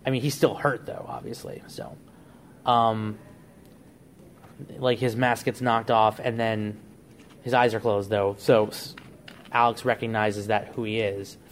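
Casual man pitching a story. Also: slight background noise. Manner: rambling storyteller, frequent restarts and "like". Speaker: podcast co-host. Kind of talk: casual podcast chat.

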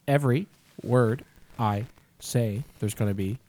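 A man's voice: mid-range voice, a little slow, darkish tone. A man co-hosting a podcast, chatting casually about movies, often stumbling and repeating words as he rambles. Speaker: podcast co-host.

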